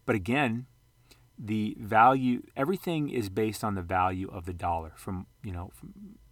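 A man's voice: lowish voice, normal speed, no room sound. A man casually walking through charts for his channel, rambling and correcting himself with joking asides. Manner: rambling, self-correcting, jokey. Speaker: sports card and investing vlogger. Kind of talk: casual screen-share commentary.

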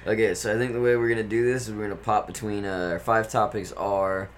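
A man's voice: on the low side, flat delivery, quick pace, a little hiss or hum. A man co-hosting a podcast in casual chat, laid-back and self-deprecating, steering the show's format. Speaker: podcast co-host.

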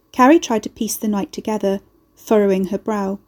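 A woman narrates fiction in measured, steady storytelling. Her voice is mellow and warm, at a middle pitch. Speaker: audiobook narrator. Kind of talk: scripted narration.

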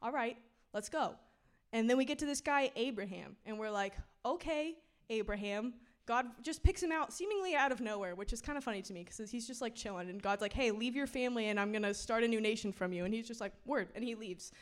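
A woman's voice: fairly high pitch, fast, hardly any pauses, clear, resonant tone. A young woman giving a casual, slangy sermon, chatty and laughing often. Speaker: preacher.

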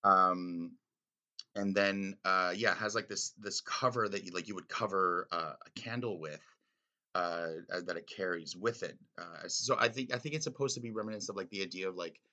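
A man's voice: low-pitched, normal speed, pushed and bright. A man giving casual, rambling spoken commentary on a story, full of fillers and restarts. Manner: rambling, filler-heavy, enthusiastic. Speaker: reader discussing a classic story.

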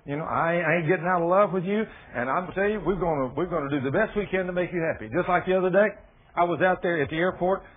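A man preaches a sermon in a folksy, storytelling style using plain dialect grammar, heard over a tinny, phone-like radio broadcast. His voice is high and fast with a breathy edge.

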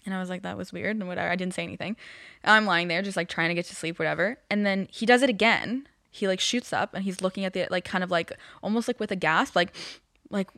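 A woman's voice: fairly low pitch, fast, gravelly, no echo, studio quality. Young woman telling a story with endless fillers. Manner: rambling, many fillers, animated retelling. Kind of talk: casual storytelling chat.

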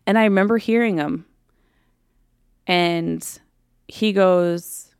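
Slow, gravelly-voiced woman telling her story. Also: on the low side, dry recording, studio quality. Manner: candid, halting, frequent fillers. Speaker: podcast host. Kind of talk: personal storytelling.

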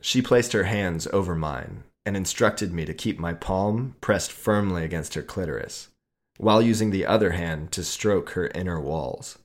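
A man reading his own adult short story aloud in a slow, measured way. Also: sits low.

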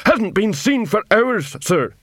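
A man doing a booming dim troll soldier. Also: big pitch swings, takes it slowly, dry recording, clean studio sound, exaggerated voice. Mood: bellowing. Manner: barking drill orders. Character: big dim loyal male troll sergeant-type.

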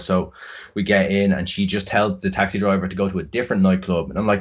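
A man's voice: deep voice, level tone, fast talker. A young Irish man telling a rambling, sweary story in casual chat. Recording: dull lo-fi recording.

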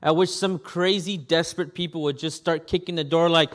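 A man preaching a sermon as pastor, animated and acting out scenes with quick voice changes. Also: on the high side.

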